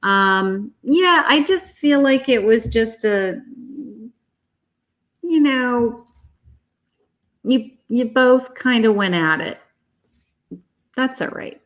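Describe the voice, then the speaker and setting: This middle-aged tarot reader hosting a live stream talks extremely slowly, with long pauses, in a fairly high, bright, animated voice. She chats with and reassures her viewers, calling them sweetheart and honey.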